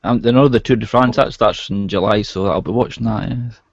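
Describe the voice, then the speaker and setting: A man's voice: lowish voice, brisk, dry recording. A man co-hosting a casual live-stream chat, easygoing and prompting with short replies. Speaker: co-host of a film review live chat. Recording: dry muffled lo-fi stream audio.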